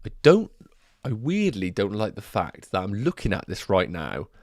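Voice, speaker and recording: Congested man, lively chatter. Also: on the low side, normal speed, no room sound, clean studio sound. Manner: chatty, thinking aloud to viewers. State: congested nose. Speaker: fantasy football streamer. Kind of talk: casual livestream chat. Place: home room.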